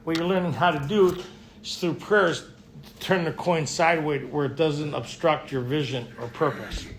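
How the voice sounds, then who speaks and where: At a men's retreat, a recovery speaker talks casually at normal speed in a voice on the high side, often checking in with the group. Faint ambience and noise from the room can be heard.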